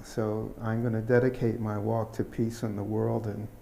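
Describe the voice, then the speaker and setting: An older man giving a keynote speech, telling personal stories in an unhurried, folksy way with pauses and fillers. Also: lowish voice, level tone, vocal fry, warm tone, slight background noise. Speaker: keynote speaker. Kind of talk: storytelling speech.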